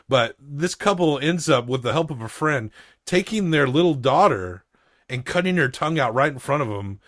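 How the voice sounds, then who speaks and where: A man's voice: medium pitch, a bit bright, no echo, clean studio sound. A man co-hosting a podcast, recapping a film plot in casual chat with wry asides. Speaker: podcast co-host. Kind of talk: casual movie review chat.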